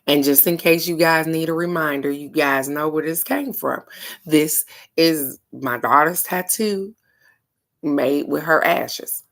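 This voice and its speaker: A woman's voice: low voice, takes it slowly, a bit bright. A middle-aged woman doing a casual card-of-the-day reading, talking in a frank, earnest way with the odd swear. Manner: frank, earnest, occasionally profane. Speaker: oracle card reader.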